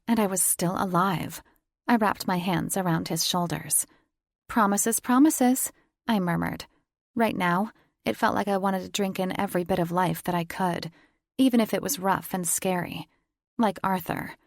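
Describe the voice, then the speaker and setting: A woman reads a first-person romance audiobook with an intimate, teasing delivery. Her voice sits a little low, with a gravelly fry at the edges. The recording is close and dry. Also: no room sound. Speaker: audiobook narrator.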